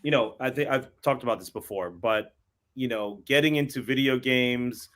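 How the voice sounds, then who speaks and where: A man's voice: mid-range voice, normal speed, a bit bright. A man co-hosting a casual podcast, rambling and repeating words as he gets going. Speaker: podcast co-host. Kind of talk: casual banter.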